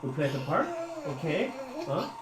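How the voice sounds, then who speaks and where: A mother gently coaxing a small child to bed, speaking softly and repetitively from across the room, away from the mic. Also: sits low, sing-song, normal speed, reverberant, very noisy. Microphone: off-mic, at a distance in the room.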